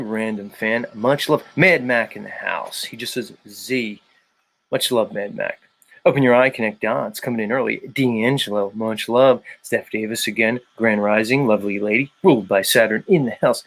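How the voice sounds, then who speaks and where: This man's voice is creaky, medium-pitched, and a bit bright as he runs a casual livestream chat. Reading viewers' names aloud, he pushes back and argues his case.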